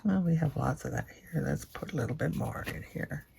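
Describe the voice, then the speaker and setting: A woman's voice: low-pitched, lively intonation, brisk, creaky, mellow, breathy edge. A woman craft vlogger chatting casually as she works, often murmuring to herself and dropping into a whisper.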